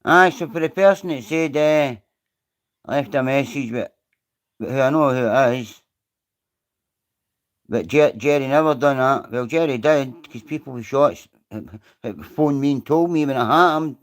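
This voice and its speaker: A man's voice: medium pitch, moderate pace, pauses often. A man with a Scottish accent hosting a casual live stream, rambling, swearing freely and greeting viewers by name. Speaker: livestream host.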